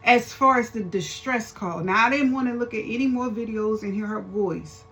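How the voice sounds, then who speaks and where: A woman's voice: fairly high pitch, moderate pace, a bit bright, a little hiss or hum. A woman hosting a faith-based commentary vlog, talking to her viewers in a fervent, preacher-like way. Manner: addresses viewers as y'all. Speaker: host.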